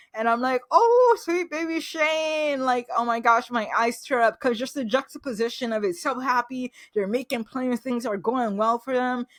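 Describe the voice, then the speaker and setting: A woman's voice: mid-range voice, no room sound. Gushing woman recapping a show, dry close sound. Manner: gushing, emotional, exclamatory. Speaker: TV recap host. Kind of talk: casual recap review.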